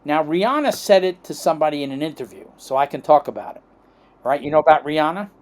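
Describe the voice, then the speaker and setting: Fast and fairly high-pitched, this middle-aged man from the U.S. is a chiropractic guest on a podcast. He tells sprawling, rambling stories, acts out what people said, and punctuates them with "okay?" and "right?"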